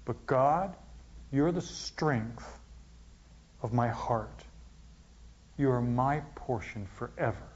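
A male pastor preaching a sermon, swinging from loud emphasis down to near-whispers. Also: mid-range voice, takes it slowly, long pauses. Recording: dull, lo-fi sound.

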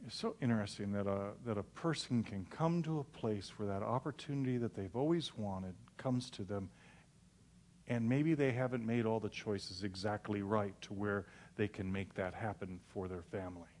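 A man's voice: fairly low pitch, moderate pace, pitched below the performer's own voice, lightly acted. A man putting on a pushy saleswoman, silky and scornful. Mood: silky, condescending. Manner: smooth and condescending, bursts into yelling. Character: pushy female saleswoman, silky then screaming.

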